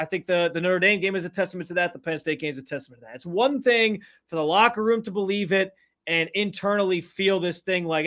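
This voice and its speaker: Young guy cohosting sports radio, kinda high voice, joking at himself. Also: fairly bright tone. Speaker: radio co-host.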